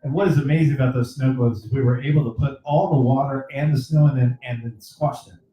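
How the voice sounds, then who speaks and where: A man's voice: mid-range voice, fairly even intonation, fast talker, warm tone, reverberant, poor audio. A man co-hosting a comedy show, delivering a mock-serious weather report and chuckling often.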